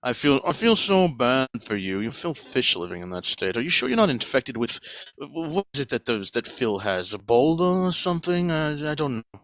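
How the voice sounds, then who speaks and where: A man in casual chat, talking quickly and offhandedly. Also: mid-range voice, sing-song, fairly bright tone, no echo.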